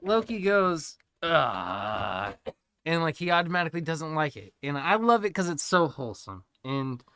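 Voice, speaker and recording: A man's voice: fairly high pitch, expressive, a little fast, fairly bright tone, smooth. A young man on a podcast, rambling through stories with lots of swearing and laughter. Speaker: podcast co-host. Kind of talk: casual storytelling chat.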